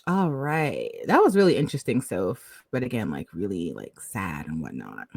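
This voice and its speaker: A woman co-hosting a podcast, telling stories in an animated way and laughing often. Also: rumbling low, moderate pace, vocal fry, husky, dry recording. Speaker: podcast co-host. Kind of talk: casual chat.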